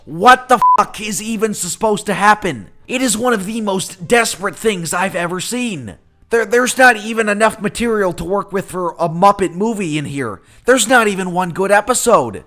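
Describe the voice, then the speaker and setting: A man's voice: high-pitched, lively intonation, normal speed, pushed and bright. A man giving a profane, scornful review rant. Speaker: video reviewer. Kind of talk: ranting commentary.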